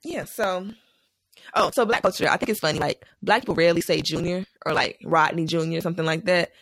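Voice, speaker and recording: A young woman in casual chat, telling animated stories and laughing often. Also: on the low side, a little fast, no echo, clean studio sound.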